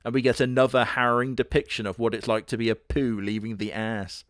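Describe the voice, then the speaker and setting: A man hosting a comedy video, giving sarcastic, crude, deadpan commentary on a horror show. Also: mid-range voice, brisk, hardly any pauses, no room sound. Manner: dry, crude, deadpan jokes.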